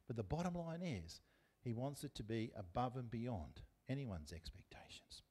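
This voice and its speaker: A man's voice: mid-range voice, lively intonation, normal speed, darkish tone, breathy edge. A man with an Australian accent preaching a sermon as pastor, talking conversationally and putting questions to the congregation. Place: church.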